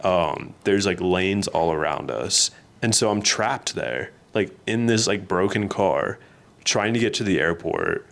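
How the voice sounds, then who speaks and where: A man co-hosting a podcast, telling stories in a casual, animated way and laughing often. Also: sits low, unhurried, gravelly. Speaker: podcast co-host. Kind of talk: casual storytelling chat.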